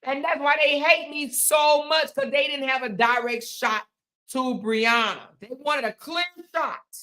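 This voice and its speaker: Bright-voiced woman ranting sarcastically. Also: high-pitched, unhurried. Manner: sarcastic, repetitive, mocking, emphatic. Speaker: commentary channel host. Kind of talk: ranting commentary monologue.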